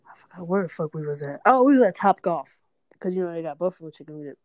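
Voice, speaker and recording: A woman's voice: on the low side, expressive, fast, a little mellow, dry recording. A young adult woman talks in a loose, slangy way and laughs often. Her storytelling is full of profanity. She is recorded close to the mic, with no room sound. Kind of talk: casual chat.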